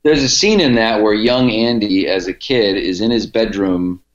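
A man from Cleveland, a comedian who podcasts, speaks on the low side at a normal speed. He drifts through laid-back stories with plenty of restarts in an informal interview, and the room sounds dull and echoey.

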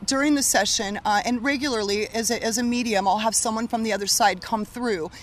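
A woman working as a medium, telling stories in an animated, casual conversation with frequent laughter. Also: on the high side, fairly quick.

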